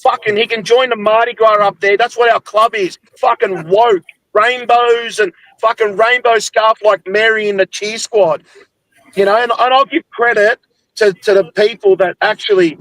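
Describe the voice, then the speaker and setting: A young Australian man rants hard about his football club, swearing constantly and pushing his voice up high. His delivery is angry and relentless. The sound is dry and close, with no room around it. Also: fairly bright tone, no echo, poor audio. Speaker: football podcast host. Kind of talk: heated post-game rant.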